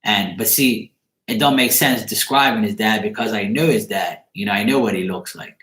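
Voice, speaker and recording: A man's voice: fairly low pitch, normal speed, fairly bright tone. A man, a psychic card reader, casually telling a story in his apartment in a loose, profane, rambling way. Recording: echoey room.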